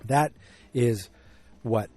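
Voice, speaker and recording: A man hosting a casual solo podcast. He retells the story in a rambling way, with lots of fillers, self-corrections and excited asides. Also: mid-range voice, extremely slow, faint music behind. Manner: animated, exclamatory asides. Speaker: podcast host.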